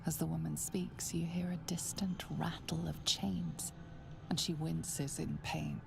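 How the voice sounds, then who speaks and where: An actress narrating a video game in a low, solemn whisper. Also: female voice, fairly even intonation, unhurried, vocal fry, exaggerated voice. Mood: hushed. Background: game music.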